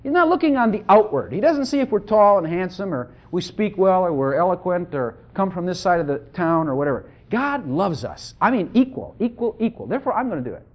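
A middle-aged man preaching an informal sermon in a folksy, animated way, often asking the congregation questions. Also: sits high, a little fast, few pauses. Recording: dull lo-fi sound.

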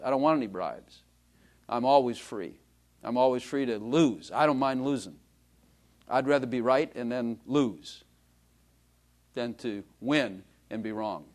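A man preaching a sermon, telling jokey stories about himself and calling out to the congregation. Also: medium pitch. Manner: animated, joking storytelling with the congregation. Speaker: pastor.

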